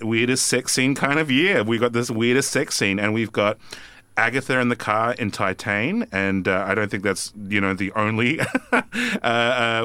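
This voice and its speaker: A man's voice: medium pitch, pushed and bright, clean tone, no room sound. A man co-hosting a casual film podcast, talking with lots of hesitant fillers.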